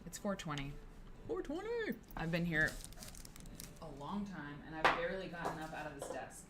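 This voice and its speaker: A woman's voice: low voice, fairly quick, heavy background noise. A woman hosting a casual co-working live stream from her office, rambling and chatting with viewers by name. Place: her office, late at work.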